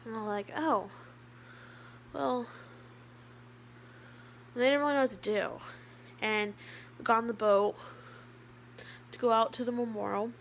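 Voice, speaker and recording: Teenage girl, casual vlogger; higher-pitched, rambling delivery full of fillers, faint background hiss. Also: steady tone, a little slow, gravelly, long pauses. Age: teens. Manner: chatty, rambling, with many fillers. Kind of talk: casual vlog talk.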